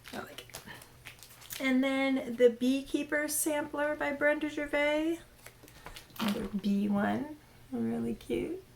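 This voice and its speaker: A woman's voice: high voice, gravelly, a little hiss or hum. A woman hosting her own crafting channel, showing her latest patterns in casual, rambling chat full of fillers and self-corrections. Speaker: cross-stitch channel host. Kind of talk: casual show-and-tell chat.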